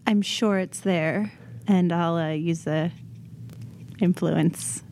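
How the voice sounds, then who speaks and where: A woman's voice: fairly low pitch, steady tone, slow pace, a little mellow, a little hiss or hum. A woman playing a tabletop role-playing game, speaking politely and matter-of-factly in and out of character. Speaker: player.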